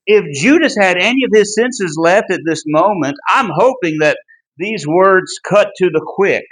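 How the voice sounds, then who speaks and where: A man leads a Bible study lesson in an unhurried, deliberate way. His voice sits high for a man. He is earnest and emphatic, almost pleading when he drives a point home. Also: expressive, fairly bright tone, low-quality recording. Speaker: Bible class teacher.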